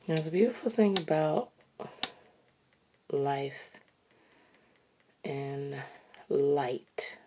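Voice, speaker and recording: A woman musing aloud while she draws, slow and reflective, sometimes dropping to a soft whisper. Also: low-pitched, lively intonation, background noise. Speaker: artist narrating while drawing. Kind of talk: reflective casual monologue.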